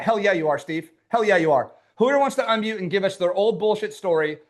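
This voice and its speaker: A man with a strikingly high voice runs a live online workshop. He pushes hard and sounds fired-up, and he swears casually as he urges people on. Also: lively intonation, fairly quick. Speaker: business coach running a workshop.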